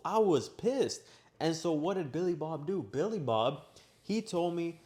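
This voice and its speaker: Young guy telling his own story, gets loud and worked up, goes up and down a lot. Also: on the high side, normal speed. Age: young adult. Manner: animated, acts out his own shouting in quoted lines. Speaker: vlogger. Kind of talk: personal storytelling. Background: washing machine running.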